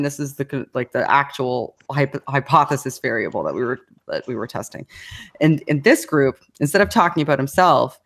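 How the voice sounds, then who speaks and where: A woman as an interview guest, talking casually in a rambling way with fillers, restarts and frequent laughs. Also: low-pitched. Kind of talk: casual conversation.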